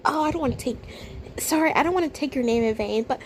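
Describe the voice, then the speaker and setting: A woman with a high, bright-pitched voice reacts to a video in casual, blunt commentary. She sounds incredulous, dropping to low mutters and then bursting out loud. A faint hiss sits under her voice. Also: quick pace.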